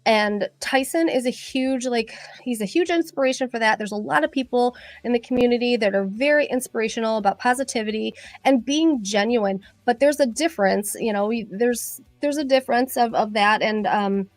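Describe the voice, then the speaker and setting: A middle-aged woman, a cosmetologist chatting with viewers on a live stream, excitable and rambling with many fillers. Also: on the high side, moderate pace, few pauses, no room sound. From Michigan. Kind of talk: casual live-stream chat.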